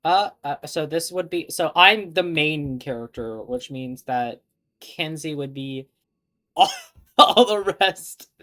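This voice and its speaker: Low-voiced giggly woman streamer. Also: slow pace, fairly bright tone. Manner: giggly, chatty, laughs often. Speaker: streamer playing a visual novel. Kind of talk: casual live-stream chat and reading game text aloud.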